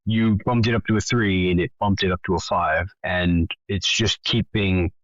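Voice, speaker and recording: A man serving as game master who walks the players through rules and story in a calm, steady way. His voice is low, and it comes through a dull, lo-fi mic that sounds dry and close. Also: normal speed, dry recording. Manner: explains rules and narrates calmly. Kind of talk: narrating a tabletop game.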